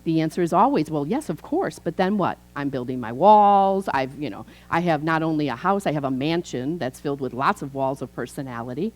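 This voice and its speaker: A woman in her fifties, a minister, preaching a chatty, animated sermon in a church. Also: sits low, brisk, few pauses, rough recording. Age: 50s. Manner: animated, chatty, acts out quoted voices. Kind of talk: conversational sermon.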